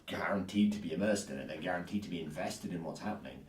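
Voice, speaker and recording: A low-voiced man talks fast as he co-hosts a podcast, chatting casually, thinking aloud, and often saying things twice. The mic is distant, the room is echoey, and there's slight background noise.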